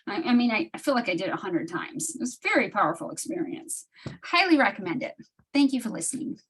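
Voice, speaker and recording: A woman's voice: medium pitch, big pitch swings, fast, a bit bright, breathy edge, poor audio. A woman talking casually on an online study group call, sharing a personal story with many restarts and laughs. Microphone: video call.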